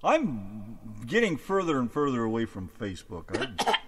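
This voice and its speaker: A man's voice: mid-range voice, normal speed, crowd noise. An American man co-hosting an internet radio show on a headset, joking rowdily with listeners in the chat. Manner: jokey, animated, rowdy.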